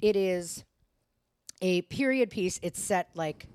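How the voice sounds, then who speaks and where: A woman's voice: lowish voice, slow, a little mellow, smooth, no room sound. A young adult woman co-hosting a podcast, chatting casually with lots of fillers, restarts and giggles. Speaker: podcast co-host. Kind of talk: casual chat.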